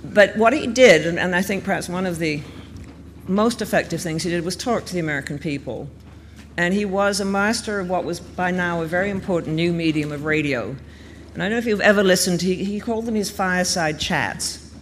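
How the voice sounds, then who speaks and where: A man giving a thoughtful, conversational talk on history, explaining events in a measured, storytelling way. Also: high voice, a bit bright. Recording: reverberant room with faint background noise.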